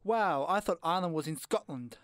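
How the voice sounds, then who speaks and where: A man's voice: fairly high pitch, fairly quick, a bit bright, clear, resonant tone, no echo, clean studio sound. A young man hosting a casual student radio show, playful and jokey, tripping over his words now and then. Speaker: radio host. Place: radio studio. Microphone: studio microphone.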